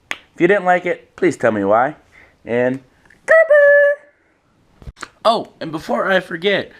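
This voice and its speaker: A young man vlogging casually on his own at home, rambling and self-mocking, swearing freely. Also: a little high. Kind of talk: casual solo vlog.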